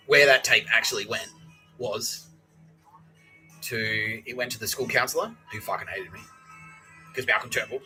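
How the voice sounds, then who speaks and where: A man's voice: fairly low pitch, pushed and bright, low-quality recording. An Australian man hosting a podcast, telling a rambling, profane story and acting out the people in it. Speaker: podcast host. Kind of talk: rambling comedic monologue.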